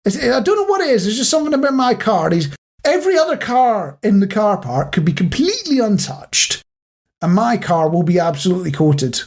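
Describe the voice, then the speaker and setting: A man's voice: sits high, sing-song, fairly quick, darkish tone. A man co-hosting a podcast, telling jokey stories in casual chat. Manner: chatty, jokey storyteller. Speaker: podcast co-host.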